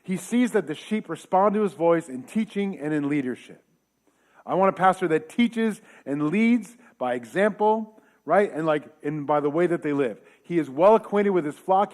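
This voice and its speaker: Laid-back male pastor preaching in church, kinda high voice, jokey asides. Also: lively intonation, moderate pace, a little mellow. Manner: conversational, joking asides, rhetorical questions. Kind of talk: casual sermon.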